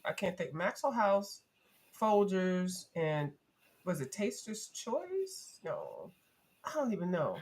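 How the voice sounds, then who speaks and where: A woman chatting casually on a livestream, her pitch jumping up and down as she talks. She slips into high, playful voices to act out old commercials, and she comes through a remote call mic. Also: takes it slowly, slightly rough. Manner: animated, mimics ad characters in high voices. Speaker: livestream co-host. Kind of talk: casual chat.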